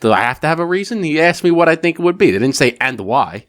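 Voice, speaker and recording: A man's voice: fairly high pitch, sing-song, fast, fairly bright tone. A man hosting a podcast in casual chat, easygoing and rambling as he tells jokes. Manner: easygoing, rambling, many fillers and restarts when telling jokes. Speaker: podcast host.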